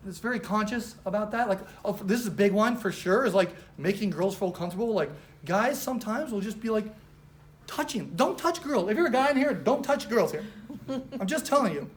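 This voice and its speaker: A woman giving a casual motivational training talk to a live office audience, animated and chatty, filling her speech with "like" and acting out little quotes. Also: medium pitch, brisk. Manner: animated, chatty, heavy use of "like", acts out quotes. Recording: roomy live room with faint noise.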